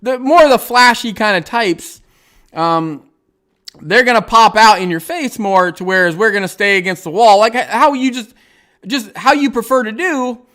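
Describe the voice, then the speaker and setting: Man, livestream host, high bright voice, smooth clear tone, rambling casual chat, lots of ums and restarts. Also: moderate pace. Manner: rambling, hesitant, many fillers and restarts; chuckles often while talking. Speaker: livestream host reading viewer comments.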